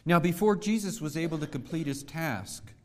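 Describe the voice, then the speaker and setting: A man preaching a sermon, measured and deliberate, asking the congregation rhetorical questions. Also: on the high side, long reverb tail. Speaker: pastor.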